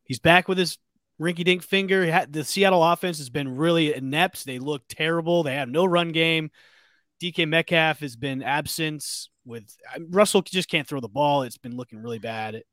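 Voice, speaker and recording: Male podcast host, casual sports talk, fairly high pitch, dry room. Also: a bit bright, no room sound. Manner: runs segments, quick okays and all rights.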